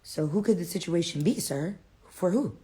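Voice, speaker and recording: Woman putting on a low menacing killer. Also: lively intonation, mellow, natural voice. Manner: low, slow, veiled threats. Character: menacing male killer on parole.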